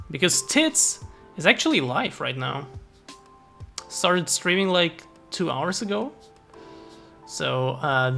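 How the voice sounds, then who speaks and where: A woman's voice: on the low side, gravelly, a bit bright. A young woman streaming live, chatting casually with viewers, thanking them and swearing freely.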